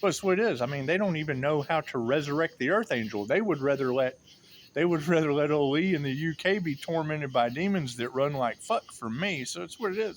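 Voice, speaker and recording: A man's voice: fairly high pitch, animated, brisk, slight background noise. A man giving a rambling, sardonic and profane monologue as a tarot reader, often repeating himself.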